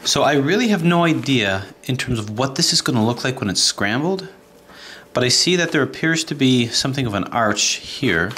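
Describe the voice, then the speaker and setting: Man, puzzle collector, casual unboxing demo, chatty and enthusiastic, lively swinging pitch, hissy home recording. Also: normal speed. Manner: chatty and enthusiastic, talks while handling a puzzle. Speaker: puzzle collector and video host. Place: home at night. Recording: noisy home video with clicks.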